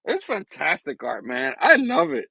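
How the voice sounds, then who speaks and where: An enthusiastic man rambling through a casual comic review. His voice bounces around a lot in pitch, and the recording is dry and close, with no room sound. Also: huge pitch swings, normal speed, gravelly, pushed and bright, slightly rough, dry recording, low-quality recording. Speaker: comic book show host.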